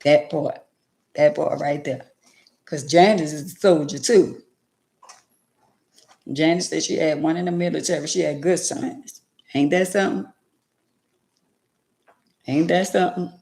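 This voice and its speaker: A woman's voice: sits low, steady tone, measured pace, vocal fry, pauses often, warm tone. A middle-aged woman hosting a casual livestream, speaking in a heartfelt, preachy way and talking to viewers by name. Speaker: livestream host.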